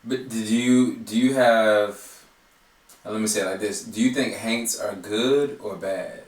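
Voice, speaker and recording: A man's voice: lowish voice, steady tone, measured pace, distant mic. A man interviewing a guest in a curious, hesitant way, with plenty of fillers. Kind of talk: conversational interview. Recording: echoey room, off-mic.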